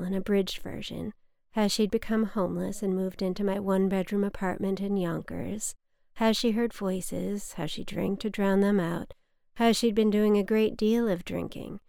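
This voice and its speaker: A young adult woman reading her personal essay aloud in a hushed, often whispered, intimate way. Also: mid-range voice, gravelly, no echo, clean studio sound. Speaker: narrator of her own memoir.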